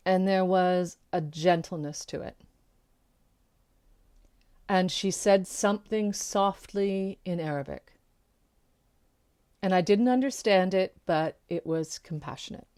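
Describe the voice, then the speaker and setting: A woman's voice: fairly low pitch, slow pace, long pauses, a little mellow, clean tone. A woman telling a personal story to camera, candid and conversational, loose with little fillers. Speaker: keynote speaker.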